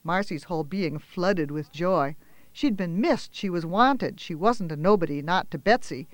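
A man telling a children's story aloud in a gentle, expressive way, with small pauses and fillers. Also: high-pitched, dry recording.

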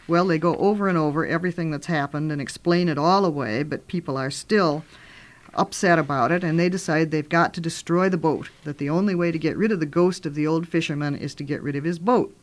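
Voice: mid-range voice, brisk. Homey storyteller reading aloud. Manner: homey, conversational asides. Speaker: author reading and discussing their own book. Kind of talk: storytelling and book talk.

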